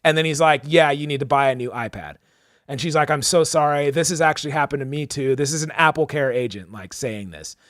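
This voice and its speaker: Young man, podcast co-host, fairly high voice, casual storytelling, animated, acts out quotes, dry close mic. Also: dry recording. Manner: animated, acts out quoted people, lots of "like" and "dude".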